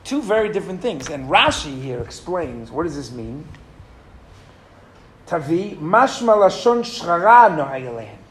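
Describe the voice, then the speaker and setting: A man's voice: a little high, very animated, normal speed. A middle-aged man teaching a Torah lesson to a classroom, asking the students questions and reading Hebrew verses aloud.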